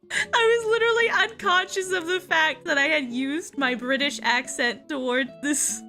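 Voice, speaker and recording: Young woman VTuber, high and bright, lively pitch, giggly rambling storyteller, faint music under her. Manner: giggly, laughs often mid-sentence; rambling, self-correcting with many restarts. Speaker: VTuber streamer. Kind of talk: casual storytelling chat.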